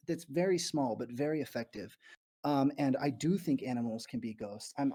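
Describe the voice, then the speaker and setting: Jittery, giggly man with a husky voice. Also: fairly high pitch, dark tone. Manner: nervous, rambling, giggly, self-deprecating. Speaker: YouTuber livestreaming to fans. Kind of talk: live Q&A chat reading viewer questions. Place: abandoned morgue, indoors.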